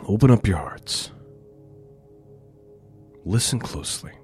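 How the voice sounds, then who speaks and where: A man giving a relaxed, conversational Bible teaching, reading scripture aloud with rising emphasis. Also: on the low side, takes it slowly, soft background music. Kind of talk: conversational Torah portion teaching.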